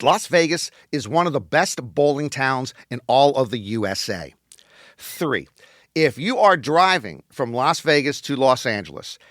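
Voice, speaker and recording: Male comic host, deadpan sarcasm, fairly high bright voice, dry studio sound. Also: dry recording. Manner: wry, deadpan sarcasm with sudden emphatic bursts. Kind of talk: scripted comedic monologue.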